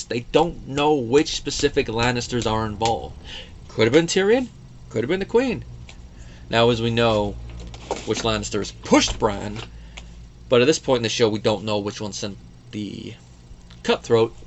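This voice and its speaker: Male, 30s, lowish voice, casual digressive reviewer; faint ambience under the recording. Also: a little hiss or hum. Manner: chatty, digressive, with fillers and quoted asides. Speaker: show reviewer. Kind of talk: casual solo review commentary.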